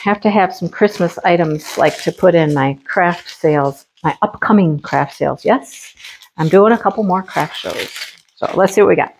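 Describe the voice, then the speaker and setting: A chatty middle-aged woman talks through a craft unboxing in a casual, lively way. Her voice sits in a middle pitch and keeps jumping up whenever she is delighted. She also breaks off to talk to her pet. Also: slight background noise, low-quality recording. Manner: lively and enthusiastic, quick laughs. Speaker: craft vlogger.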